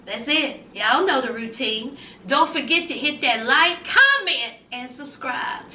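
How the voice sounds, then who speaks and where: A woman's voice: high-pitched, lively intonation, unhurried, pushed and bright, reverberant, far from the mic, slight background noise. A woman vlogger giving a sassy, gossipy recap of a reality show, talking straight to her viewers.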